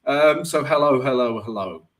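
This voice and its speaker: A man's voice: mid-range voice, normal speed. Chatty male trading livestream host. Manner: chatty, jokey, greets viewers by name; fillers like "right?" and "um". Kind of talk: casual live stream Q&A.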